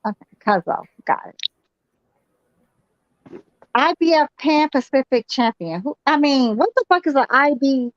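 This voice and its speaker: A woman's voice: high voice, animated, a little slow, long pauses, no echo, muffled recording. A woman co-hosting a live boxing stream, blunt and slangy, swearing freely. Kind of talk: casual live commentary chat.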